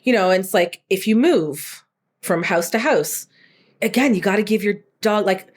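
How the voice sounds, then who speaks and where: A woman guest talking about dog training in casual chat, explaining patiently with animated asides and laughs. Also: medium pitch, normal speed.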